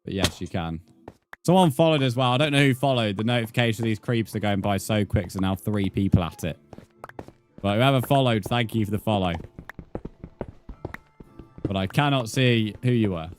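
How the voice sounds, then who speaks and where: A man with a fairly low voice chatting loosely with his live-stream audience. He banters, swears and makes mock threats at the chat, with faint music running underneath. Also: normal speed, pauses often. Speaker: livestreamer.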